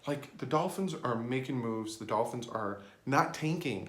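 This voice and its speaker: A man giving casual fan commentary on his sports vlog, full of joking, sarcastic asides and sudden jumps in pitch. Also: lively intonation, normal speed, fairly bright tone. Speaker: sports vlogger. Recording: roomy echo.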